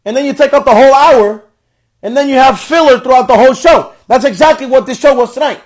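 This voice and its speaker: A man's voice: extremely high pitch, quick pace. A young man hosting a podcast, ranting in frustration with heavy swearing as he reviews a wrestling show. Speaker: podcast host.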